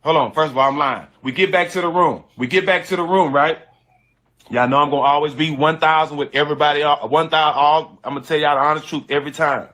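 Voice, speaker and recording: Emphatic bright-voiced man telling a story. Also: fairly high pitch, fairly even intonation, quick pace. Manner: emphatic, repetitive, slangy, frequent restarts. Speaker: storyteller guest. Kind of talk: casual storytelling.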